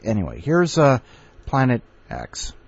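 A man's voice: mid-range voice, huge pitch swings, measured pace, creaky, slightly rough, highs cut off. A man hosting a podcast, chatty, laughing often and stumbling over fillers as he introduces contributors. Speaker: podcast host.

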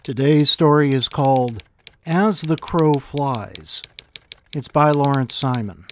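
A man's voice: mid-range voice, slow pace, slight background noise. A man hosting a podcast, reading a short story in a casual, wry, musing way with self-deprecating asides.

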